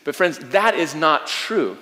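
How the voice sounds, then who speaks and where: A man's voice: a little high, lively intonation, measured pace, bright, forceful tone, big-room sound. A man preaching a sermon as a pastor, earnest and emphatic, often repeating his phrases.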